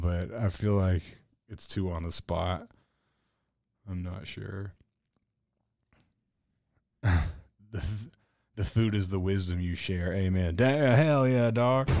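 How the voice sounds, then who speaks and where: A man's voice: mid-range voice, no room sound. A man hosting a podcast in casual, rambling chat, swearing often and slipping into heated rants. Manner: profane, rambling, ranting. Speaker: podcast host.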